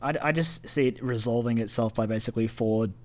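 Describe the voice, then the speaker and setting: A man's voice: mid-range voice, a little fast. A man co-hosting a casual gaming podcast, speaking in an offhand way and explaining things plainly. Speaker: podcast co-host.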